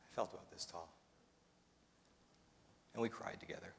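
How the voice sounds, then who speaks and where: A man's voice: deep voice, normal speed, creaky. A North American man giving a self-mocking, humorous storytelling speech as a motivational speaker. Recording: reverberant hall, faint noise.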